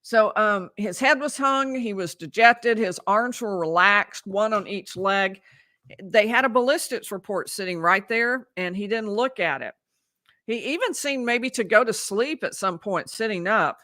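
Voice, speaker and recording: Bright-voiced woman in dry legal commentary. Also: medium pitch, measured pace, no echo. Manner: conversational, reads out transcript quotes, frequent restarts. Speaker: lawyer and trial commentator.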